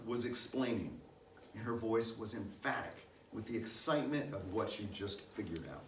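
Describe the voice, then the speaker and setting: Older man, reflective storytelling reading, lively pitch, echoey hall, distant mic. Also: a little hiss or hum. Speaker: reader at a church Christmas program. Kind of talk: reading a personal essay aloud. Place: church meeting house.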